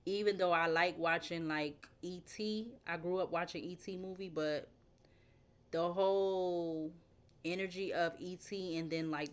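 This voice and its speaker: Low-voiced woman reading tarot, rambling. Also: clean tone. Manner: rambling, thinks aloud, spells words out. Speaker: tarot reader.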